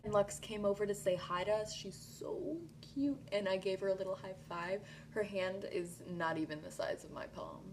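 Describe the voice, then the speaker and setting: A young woman in a casual vlog, excitedly retelling a fan story with lots of "like" and sudden squeals. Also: medium pitch, normal speed, hardly any pauses, slight background noise. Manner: gushing, breathless retelling with filler "like". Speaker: vlogger.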